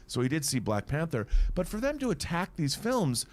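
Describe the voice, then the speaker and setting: Animated, exasperated man ranting. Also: on the high side, normal speed. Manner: animated, exasperated, repeats words when worked up. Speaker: podcast host in a played clip. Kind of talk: impassioned film rant.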